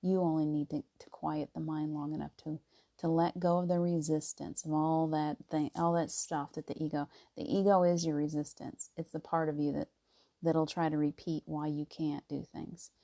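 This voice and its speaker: A woman talks casually about spiritual practice, her voice low and mellow. She laughs often and slips into hushed, near-whispered tones when she acts out inner voices. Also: flat delivery, normal speed. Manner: soft and gentle, drops to near whispers. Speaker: spiritual teacher.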